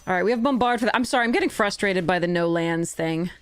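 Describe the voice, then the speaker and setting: A woman's voice: fairly low pitch, quick pace, smooth. Frustrated woman streaming a card game. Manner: frustrated, swearing, thinking aloud. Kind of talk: live game commentary.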